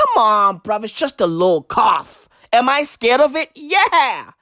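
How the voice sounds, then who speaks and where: Slow, sarcastic woman ranting in slang. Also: a little high, sing-song, a bit bright, no room sound, studio quality. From South Africa. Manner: mock-serious, heavy street slang, profanity. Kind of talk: sarcastic comedic rant.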